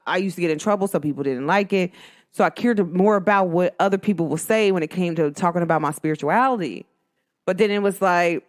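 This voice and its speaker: Woman, casual vlog storyteller, rambling and animated. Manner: chatty, rambling, lots of "like" fillers; animated, swoops high when quoting others.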